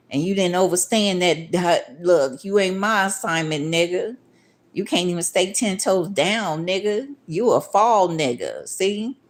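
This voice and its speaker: A woman, ranting to her viewers in a profane, confrontational, streetwise monologue that acts out other people's voices. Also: mid-range voice. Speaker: vlogger.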